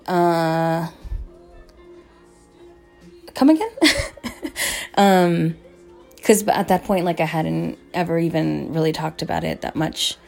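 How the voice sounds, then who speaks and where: Young female vlogger, low-pitched with vocal fry; loose, profane, filler-heavy storytelling. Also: warm tone. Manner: rambling, profane, lots of "like" and "um". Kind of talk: casual storytime monologue.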